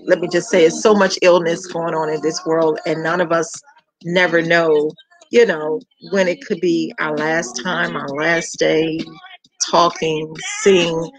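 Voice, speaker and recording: A middle-aged woman from Georgia with a Southern accent, hosting her food page in a warm, chatty welcome talk that repeats words for emphasis. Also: on the low side, fairly even intonation, a little slow, rough recording. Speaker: home cook and food page host. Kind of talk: casual heartfelt welcome chat.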